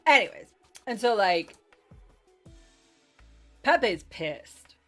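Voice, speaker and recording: A woman game master recapping a tabletop game session in a casual, chatty way, with lots of "like" and "um". She gushes over the players' moves in a mid-pitched voice, with faint music behind. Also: sing-song, very slow, a bit bright. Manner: chatty, filler-heavy with frequent "like" and "um"; gushing.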